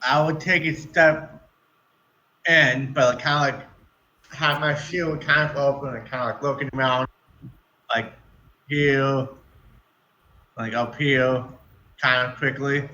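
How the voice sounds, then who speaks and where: A man at a tabletop game talks slowly, picking his words with lots of hesitations. His tone is bright, and the recording sounds muffled and lo-fi. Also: medium pitch, steady tone. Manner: halting, full of "like" and "kinda". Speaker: player. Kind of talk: casual table talk. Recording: dull, lo-fi sound.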